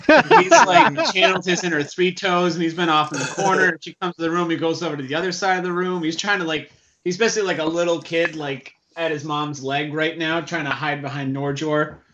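A man's voice: on the high side, a little fast, pushed and bright, dull audio, slight background noise. A man playing a tabletop game, chatting casually and joking. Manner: casual, joking, laughs easily. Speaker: player.

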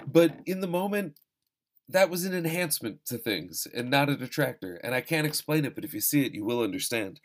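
A man's voice: mid-range voice, animated, fairly quick. A man hosting a casual film-review talk, rambling and self-deprecating, with profane asides and frequent restarts. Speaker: podcast host reviewing films. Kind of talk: casual chat.

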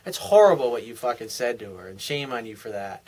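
A man's voice: medium pitch, sing-song, brisk, a little mellow, rough recording. A man giving blunt, profane relationship advice in a solo talk, acting out sample lines for the listener. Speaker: relationship coach.

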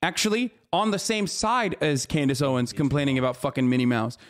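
High-voiced, exasperated swearing streamer. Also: male voice, fairly quick. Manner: exasperated, swears a lot, many fillers and restarts. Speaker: streamer reacting to clips. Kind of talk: profane reaction rant.

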